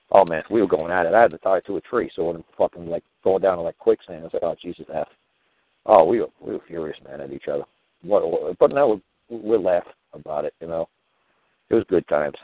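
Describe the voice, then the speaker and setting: Talking fast in a deep voice with fairly even intonation, this show host rambles through casual, profane stories full of "you know" and "man." The audio has no room sound but comes through tinny, like a phone line.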